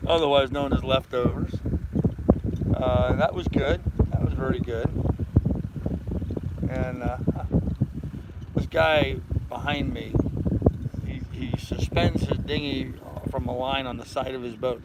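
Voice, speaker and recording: A man's voice: mid-range voice, creaky. Older man chatting on a noisy boat. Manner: rambling, easygoing, reads viewer comments aloud. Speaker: vlog host. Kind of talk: casual livestream chat. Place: on a sailboat in a harbor.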